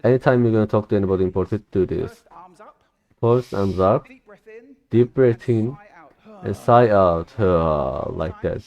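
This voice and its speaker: A young man whose first language is Turkish recites a recorded speech in English to practice. His voice sits fairly low and sounds soft and mellow. He speaks deliberately, mimicking the original's stresses and stumbling now and then. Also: muffled recording. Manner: careful, deliberate recitation with mimicked emphasis and occasional slips. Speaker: language learner. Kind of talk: shadowing a recorded talk aloud.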